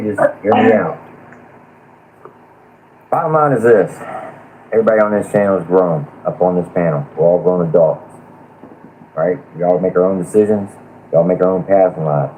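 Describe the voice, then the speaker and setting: A man's voice: on the low side, mellow, a little hiss or hum, low-quality recording. A man lecturing a live-stream panel in a blunt, profane rant about a community feud.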